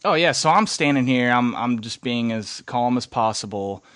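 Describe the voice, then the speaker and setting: A man's voice: medium pitch, moderate pace, no room sound, studio quality. Young man telling a rowdy story. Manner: animated, swears, acts out quotes. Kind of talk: casual storytelling.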